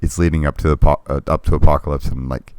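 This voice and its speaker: Chatting casually about retro games as a podcast co-host, this man speaks quickly in a steady bass voice with a darkish yet clean tone. His delivery is laid-back and hesitant, with plenty of ums and restarts, and there is no echo.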